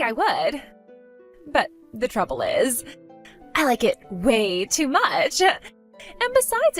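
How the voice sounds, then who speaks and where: A woman doing a shrill, gloating spoiled young woman. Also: fairly bright tone. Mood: taunting. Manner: gloating, insulting, giggly. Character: spoiled, vain, mocking young woman thief. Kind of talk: voiced text-story skit.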